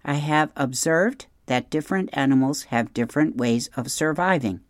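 A storyteller voicing a calm female robot who speaks in measured, literal statements in a children's storybook read-aloud. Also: mid-range voice, no echo, clean studio sound, lightly acted.

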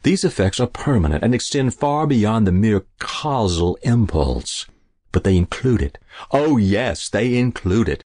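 A man voicing a calm, sly old potion seller who talks politely and indifferently. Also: fairly low pitch, a little slow, dry recording. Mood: suave, indifferent.

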